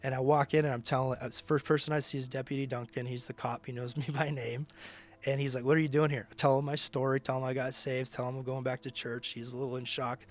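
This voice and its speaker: A man's voice: mid-range voice, little pitch movement, quick pace. Man telling an emphatic personal testimony. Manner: emphatic storytelling with casual slang. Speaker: ministry leader.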